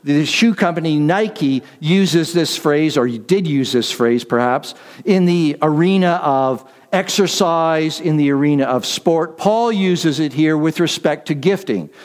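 Male pastor preaching in a reverberant hall. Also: on the high side. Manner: deliberate, repetitive emphasis with slowed key phrases; self-deprecating asides. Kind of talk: sermon.

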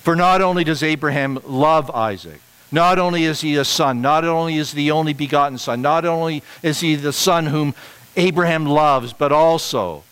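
A middle-aged man preaching a sermon, emphatic and repetitive, pushing his voice higher on the key points. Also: normal speed, fairly bright tone, smooth, low-quality recording. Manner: emphatic, repeats phrases for stress, rising to higher pitch on key points.

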